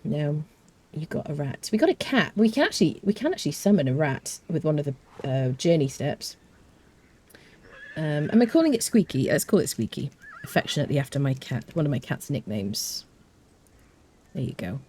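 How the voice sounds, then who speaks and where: A woman's voice: sits low, very animated, a little fast, mellow, slight background noise. A British woman streaming a game live, chatting casually, rambling with fillers and answering her chat. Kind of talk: casual live gameplay commentary.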